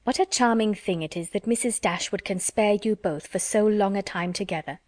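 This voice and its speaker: A woman's voice: medium pitch, moderate pace, darkish tone, no room sound, clean studio sound, lightly acted. A woman reading an audiobook, voicing a sly young woman who gushes with pointed hints. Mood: gushing.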